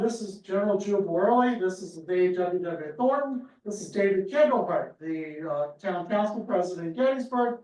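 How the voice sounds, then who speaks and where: A high-voiced man tells history as a lively story in a lecture room. He sounds set back from the mic, and the room echoes around him. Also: distant mic. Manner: storytelling, acts out crowd cries. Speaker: history speaker.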